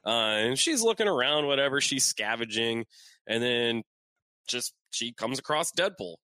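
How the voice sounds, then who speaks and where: Animated, joking man on a podcast. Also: mid-range voice, normal speed, dry recording. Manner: animated, joking, swears freely. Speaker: podcast co-host. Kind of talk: casual chat.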